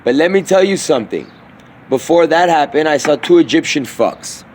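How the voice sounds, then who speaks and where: A man's voice: on the high side, animated, normal speed, darkish tone, slight background noise. A man delivering a meandering, slang-filled spoken monologue, often trailing off and restarting his thoughts.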